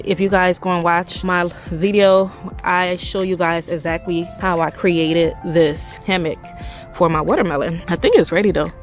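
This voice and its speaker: A woman chatting excitedly to her viewers as she walks through her backyard garden. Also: on the low side, rough recording. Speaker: garden vlogger. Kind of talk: casual garden vlog.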